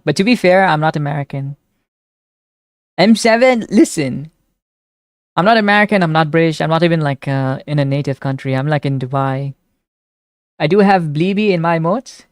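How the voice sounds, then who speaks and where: A young woman live streamer chatting casually with her viewers, reading their messages aloud and reacting excitedly. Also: deep voice, no echo, clean studio sound. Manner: chatty, reads chat aloud and answers it, excitable.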